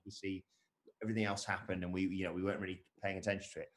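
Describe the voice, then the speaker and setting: A man's voice: low voice, flat delivery, racing. A young man co-hosting a live stream, casually reading viewer comments aloud with jokey asides.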